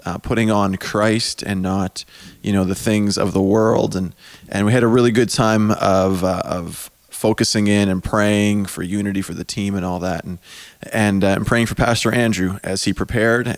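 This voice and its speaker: A man hosting a podcast with a joking, rambling manner, his voice going hoarse, talking into a microphone in a small basement. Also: on the low side, dry recording. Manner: joking, rambling, self-mocking. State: losing his voice. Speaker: podcast host. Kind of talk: casual podcast chat. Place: small basement corner at a camp. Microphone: studio microphone.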